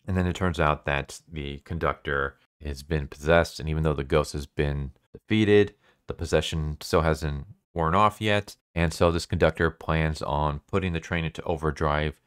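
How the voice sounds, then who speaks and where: Man with a very low, smooth voice, recorded dry and close, casually recapping a manga plot. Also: fairly bright tone, no room sound. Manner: laid-back, chatty, full of "like" and "basically". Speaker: manga reviewer.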